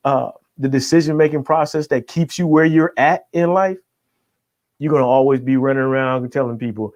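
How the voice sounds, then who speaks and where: A man's voice: mid-range voice, brisk, a little mellow, dry recording. A middle-aged man, a guest coach, giving emphatic motivational talk on a podcast and checking in with his listener after each point. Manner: emphatic, keeps checking in with "right?".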